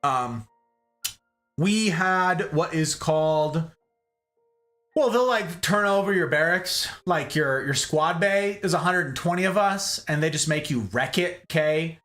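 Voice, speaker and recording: A man's voice: fairly high pitch, a little slow, soft background music. A man hosting a stream, telling a story casually and animatedly, often tagging lines with "okay?". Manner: animated, rambling, keeps asking "okay?". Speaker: streamer host.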